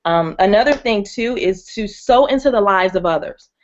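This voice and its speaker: A woman's voice: mid-range voice, lively intonation, normal speed, a little hiss or hum. A woman teaching about faith and money in an earnest, encouraging way, often restarting her sentences with fillers. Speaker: ministry co-host. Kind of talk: faith-based finance teaching. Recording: muffled lo-fi audio.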